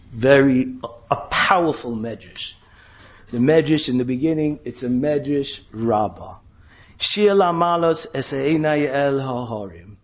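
A man preaches a sermon at an unhurried pace, his slightly high voice climbing sharply into impassioned questions. The recording sounds dull and lo-fi. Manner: impassioned, dramatic rises into questions, with Hebrew and Yiddish terms. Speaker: rabbi giving a Torah talk.

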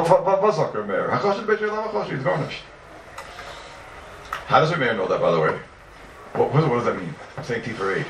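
A man giving an animated Talmud class, who asks and answers his own questions in a sing-song study cadence. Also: mid-range voice, a little hiss or hum. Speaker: Talmud teacher. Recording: roomy, distant mic with faint background.

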